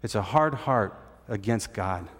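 A man's voice: fairly low pitch, lively intonation, measured pace. Man preaching in a reverberant hall. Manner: emphatic teaching, has listeners write points down. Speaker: pastor. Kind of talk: sermon.

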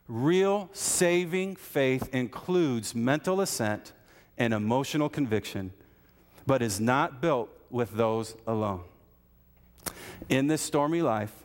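Pastor preaching in a reverberant hall. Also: male voice, mid-range voice. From American Midwest. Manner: folksy storytelling with repeated rhetorical questions. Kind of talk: sermon.

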